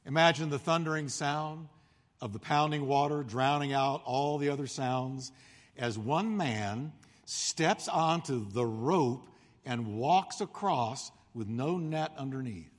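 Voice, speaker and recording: A male pastor preaching a sermon, telling the story with animated delivery and acting out the voices of the crowd. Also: mid-range voice, slow pace, long reverb tail.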